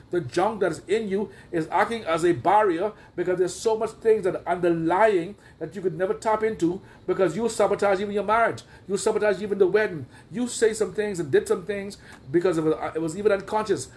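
A man with a rather high voice preaches a sermon. He drives his points home by repeating phrases and firing rhetorical questions at his listeners. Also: fairly quick, darkish tone. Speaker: prophet preaching.

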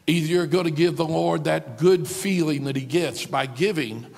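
A male pastor preaching a sermon to his congregation, swinging from hushed talk to shouting and acting out the voices he quotes. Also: a little high, moderate pace, gravelly, long reverb tail. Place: large church sanctuary.

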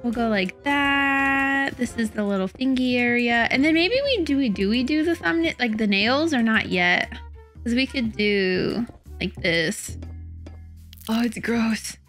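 Young woman, Minecraft commentator: high-ish, bright, unhurried, self-doubting, chatty. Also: faint music behind. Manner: chatty, self-doubting, laughing at her own build. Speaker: Minecraft build-battle player. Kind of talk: casual gameplay commentary.

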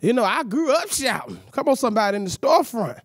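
A woman's voice: on the high side, very animated, quick pace, breathy edge, no echo, clean studio sound. A woman hosting a church youth hour, out of breath, with exuberant call-and-response and playful teasing. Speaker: youth service host. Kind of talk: lively church show hosting.

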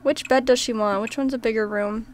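A woman's voice: on the high side, steady tone, a little fast, a little hiss or hum. A woman hosting a casual let's-play, chatting and reacting aloud to her game. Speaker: gaming channel host.

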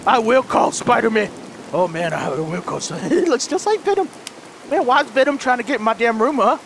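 A man hosting a horror let's play, frantic and jumpy, shouting and pleading, then muttering low to himself. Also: sing-song, normal speed, creaky, a little hiss or hum. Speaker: gaming channel host.

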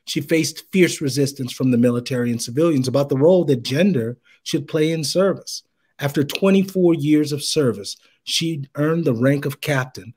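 A man's voice: a little high, a little mellow, slightly rough. A man co-hosting a veterans talk show, reading a tribute and then chatting casually and laughing easily. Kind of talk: casual chat.

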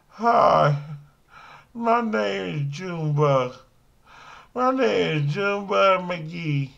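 A man's voice: high-pitched, vocal fry, sharp tone, exaggerated voice. A man playing a battered, self-pitying can scavenger in a comic monologue to camera, pleading in a whiny, melodramatic way. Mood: plaintive.

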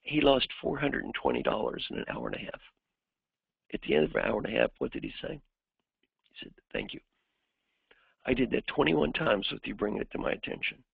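Male executive coach lecturing with stories; husky voice, dry close sound. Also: fairly low pitch, brisk, long pauses, dry recording. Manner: animated storyteller who acts out the people in his stories. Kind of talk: lecture with anecdotes. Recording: dry, phone-like narrowband sound.

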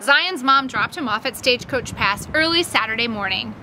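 A woman reading a middle-grade novel aloud with expressive storytelling and brief commentary. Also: fairly high pitch, normal speed, a little hiss or hum, rough recording. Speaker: audiobook reader.

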